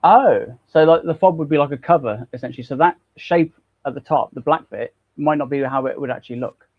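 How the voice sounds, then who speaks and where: A man's voice: a little high, fairly quick, dry recording, highs cut off. A man co-hosting a live stream in a casual, joking way, swearing freely. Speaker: co-host.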